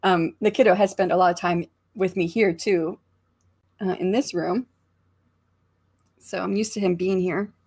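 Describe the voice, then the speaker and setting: An American woman with a slightly low, slightly rough voice hosts a relaxed author livestream from her home. She speaks at a measured pace with long pauses, chatty and rambling, thinking aloud with many fillers while reading viewers' comments.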